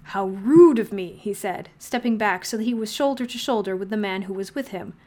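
A woman narrating a fan-fiction story aloud in a steady, wry storytelling manner. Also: medium pitch, a little fast. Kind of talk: audiobook fan-fiction reading.

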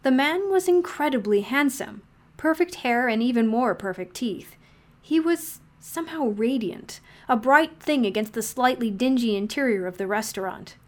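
A woman narrating an audiobook-style story. She reads steadily with a wry storyteller's touch. Her voice sits slightly high. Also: lively intonation, normal speed. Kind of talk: audiobook fan-fiction reading.

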